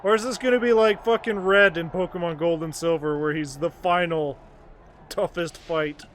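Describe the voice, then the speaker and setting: A man's voice: on the high side, steady tone, moderate pace, a little hiss or hum. Sarcastic male game streamer. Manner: sarcastic, swearing, muttering asides. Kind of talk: casual gameplay commentary. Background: game music.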